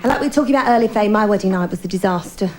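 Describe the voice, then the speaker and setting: A woman's voice: mid-range voice, very fast. A middle-aged woman performing a stand-up comedy routine, telling bawdy stories in a chatty way and talking straight to the crowd.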